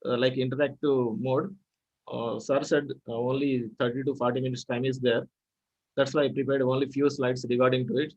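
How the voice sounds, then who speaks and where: A man's voice: medium pitch, highs cut off. A man with an Indian English accent giving an online pronunciation lecture over a video call, drilling words over and over. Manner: repetitive, emphatic drilling of words.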